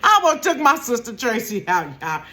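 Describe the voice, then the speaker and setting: A woman in her fifties tells a casual storytime from her bedroom. Her voice sits a little high and leaps around a lot, and she laughs often, acting out quoted lines and now and then dropping to a whisper. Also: very animated, brisk, bright, forceful tone. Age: 50s. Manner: drops to a whisper at times. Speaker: vlogger telling a story.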